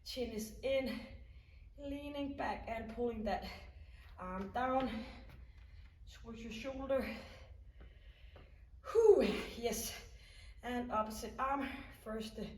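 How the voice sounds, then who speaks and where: A woman's voice: on the high side, slow pace, pauses often, darkish tone, slight background noise. A woman leading a home workout, counting down reps and encouraging the listener as she coaches. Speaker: fitness instructor. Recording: echoey room, mic at a distance.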